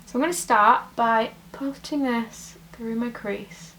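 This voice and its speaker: Chatty woman, higher voice. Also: slow pace, a bit bright, slight background noise, low-quality recording. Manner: chatty and rambling, full of "like" and "you know". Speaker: makeup vlogger. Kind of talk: casual makeup tutorial. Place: at home.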